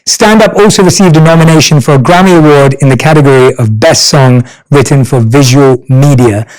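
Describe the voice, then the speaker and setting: A man's voice: mid-range voice, a little fast, darkish tone, poor audio. A man with a London accent hosting a podcast, reading a guest introduction and then chatting casually. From North London, England. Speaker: podcast host. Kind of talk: casual interview chat.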